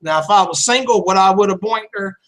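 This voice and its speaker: A man's voice: sits high, brisk, fairly bright tone, rough recording. A man telling a candid personal story in casual chat, rambling and blunt, swearing freely. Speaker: channel host.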